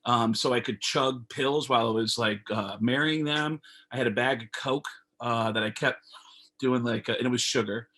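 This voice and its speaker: Profane comedian telling a story. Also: male voice, mid-range voice, moderate pace. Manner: animated, profane, acts out dialogue. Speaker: comedian guest. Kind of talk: casual storytelling. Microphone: video call.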